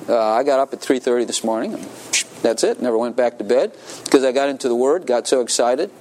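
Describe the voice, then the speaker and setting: A man's voice: mid-range voice, brisk, a little hiss or hum. A man preaching a sermon as pastor, laughing often and calling out to his congregation for answers. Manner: animated, laughing, calls for congregation responses. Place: church.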